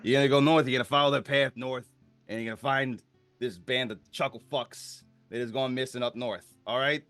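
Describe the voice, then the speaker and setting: A man voicing a tiny goblin-like wizard who runs an adventurers' guild, high and strained, swearing in exasperation. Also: steady tone, brisk, fairly bright tone, dry recording, faint music behind, close to an everyday voice. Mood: bossy.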